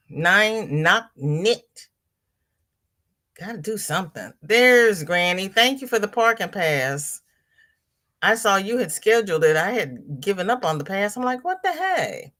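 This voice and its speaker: A woman hosts a casual livestream from home, reading out viewers' comments and chatting back to each one. She talks slowly, taking her time. Her voice sits a little on the low side. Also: a bit bright. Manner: chatty, reads viewer comments aloud and answers them. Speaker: livestream host.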